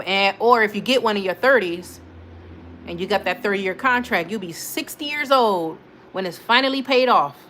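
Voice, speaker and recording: A young woman hosting a casual livestream talks straight to her viewers and reads their comments aloud. She laughs often and answers the chat as it comes in. Her voice is bright and forward, with a faint hum of noise behind her. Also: mid-range voice. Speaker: livestream host.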